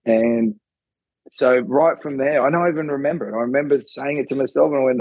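A man's voice: mid-range voice, a little fast, gravelly, a little mellow, no room sound, low-quality recording. A middle-aged man with an Australian accent, a former rugby player chatting casually as a guest and often calling people mate. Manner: laid-back, joking, says mate often. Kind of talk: casual interview chat.

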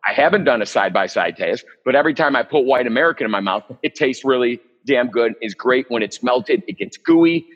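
A man runs a live cooking demonstration as the chef, with a mid-pitched voice. He chats casually, cracks jokes and wanders into rambling asides. The recording sounds a little muffled and dull. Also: lively intonation, a little fast, hardly any pauses. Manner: joking, chatty, rambling asides. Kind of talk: live online cooking demo.

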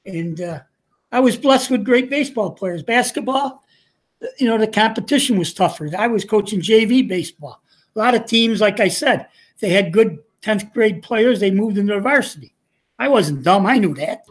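A man's voice: high voice, lively intonation, moderate pace. An older man spins folksy stories from his coaching days, chuckling as he goes. He slips into quoted back-and-forth dialogue and keeps the tone easygoing and conversational. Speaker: retired coach, interview guest. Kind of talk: casual storytelling.

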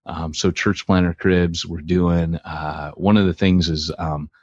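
Deep, husky male podcast co-host. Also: flat delivery, unhurried, no echo. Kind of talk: casual chat. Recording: dull lo-fi sound.

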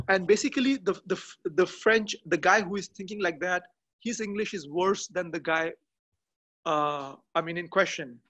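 Halting, higher-voiced man outdoors. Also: sharp tone. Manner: halting, searching for words with many restarts. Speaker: podcast guest. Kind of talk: casual interview chat. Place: garden outdoors.

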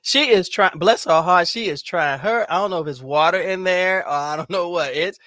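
A man with a high, sharp-toned voice hosts a casual podcast chat at a moderate pace. Playful and theatrical, he dramatizes his stories and jumps into voices. The recording is dry, with clean studio sound.

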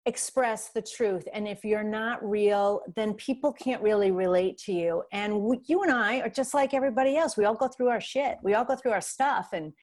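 A woman's voice: mid-range voice, normal speed, hardly any pauses. A middle-aged woman with a New York accent, a guest on a podcast, talking candidly and openly. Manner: candid, warm, straightforward. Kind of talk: casual interview chat.

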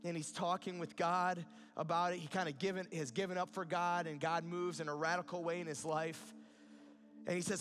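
Earnest guy preaching, kinda higher voice, gets emphatic. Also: little pitch movement, moderate pace, a bit bright. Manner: earnest, rises to emphatic peaks. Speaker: pastor. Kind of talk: sermon.

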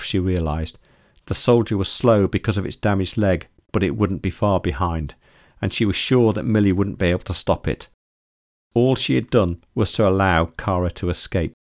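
A man reading a story aloud in steady, measured scripted narration. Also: lowish voice, no room sound, clean studio sound. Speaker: audiobook narrator.

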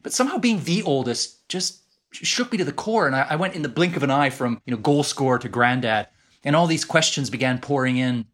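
A middle-aged man with a Canadian accent, a guest author telling lively stories in a podcast interview. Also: medium pitch, brisk. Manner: animated storyteller, laughs often.

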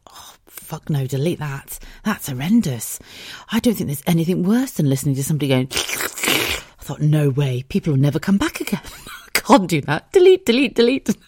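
Low-voiced chatty woman podcaster. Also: a little mellow, husky, dry recording, studio quality. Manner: chatty, swears a lot, laughs often, emotional. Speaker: podcast host. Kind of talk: casual solo podcast chat. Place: bedroom at home.

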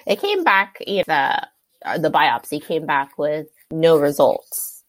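Low-voiced woman telling her story candidly. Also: lively intonation, a little slow, dry recording. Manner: candid, frequent "you know" and "like" fillers, laughs between thoughts. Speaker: interview guest. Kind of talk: casual personal storytelling.

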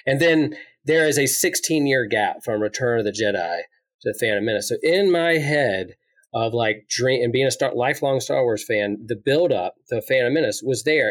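Man in his forties, low trailing delivery. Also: animated, moderate pace. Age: 40s. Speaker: podcast co-host. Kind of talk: casual chat.

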